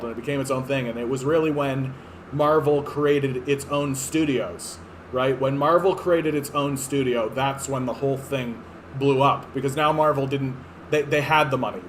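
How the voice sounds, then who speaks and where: A man's voice: mid-range voice, slight background noise. Rambling, profane man reacting to clips. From Canada. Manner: rambling, profane, sarcastic, many fillers and restarts. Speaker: political streamer. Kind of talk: casual commentary reacting to clips.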